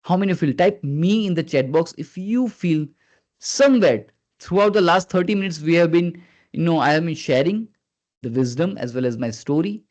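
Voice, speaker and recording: A man in a fairly high register, running a live online skills class. He is earnest and coaxing, prompts his listeners again and again, and lets his pitch rise and fall on purpose. The sound comes through muffled and lo-fi, as over a video call. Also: normal speed, darkish tone. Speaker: communication skills trainer. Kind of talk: live online training session. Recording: dull lo-fi video call audio.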